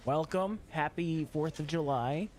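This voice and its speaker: A man's voice: a little high, a little slow, darkish tone. Rambling, swearing male streamer. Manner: rambling, profane, self-mocking. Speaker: livestream host. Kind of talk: casual game stream chat.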